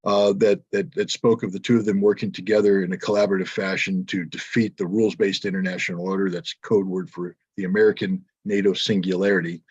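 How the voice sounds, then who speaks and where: A man answering questions as a panel speaker at a press conference, measured and often pausing with fillers. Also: low-pitched, level tone, darkish tone, slightly rough, lo-fi sound. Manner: measured, frequent filler hesitations.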